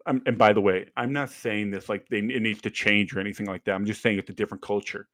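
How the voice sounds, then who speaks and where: A man's voice: on the low side, fast, no room sound. A young man chatting casually as a podcast co-host, telling stories with lots of fillers and restarts. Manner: animated storytelling with fillers and restarts. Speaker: podcast co-host, former ballplayer. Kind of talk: casual chat.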